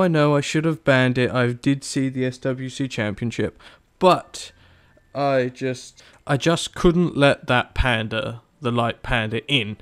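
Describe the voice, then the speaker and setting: Excitable man commentating a game. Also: mid-range voice. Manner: animated, exasperated, quotes his own reactions. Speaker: gaming YouTuber. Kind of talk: casual gameplay commentary. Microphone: desktop mic, no camera.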